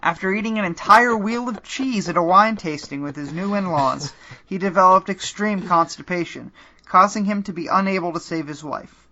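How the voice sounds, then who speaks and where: A man narrates a comedic choose-your-own-adventure game as podcast host, keeping a dry, deadpan delivery that now and then breaks into laughs. His voice has a bright edge. The recording is slightly muffled and lo-fi. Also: high voice, moderate pace.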